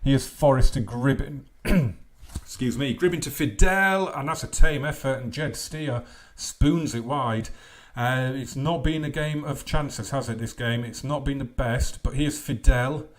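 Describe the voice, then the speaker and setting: A young gaming channel host plays through a football management game in a let's play, speaking in a mid-range voice at a measured pace. His commentary mixes mumbled asides with sudden loud outbursts.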